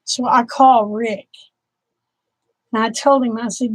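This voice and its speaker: A Southern woman with a high voice talks to her viewers on a livestream, emotional and close to tears. Her chatty voice sounds dry and close to the mic. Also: steady tone, measured pace, long pauses, dry recording, poor audio. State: tearful. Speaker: livestream host. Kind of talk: casual live chat with viewers.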